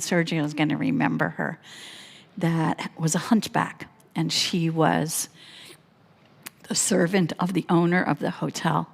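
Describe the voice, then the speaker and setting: A woman pastor telling a personal story in a sermon, animated and laughing often as she speaks. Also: fairly low pitch. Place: church sanctuary. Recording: long church hall reverb.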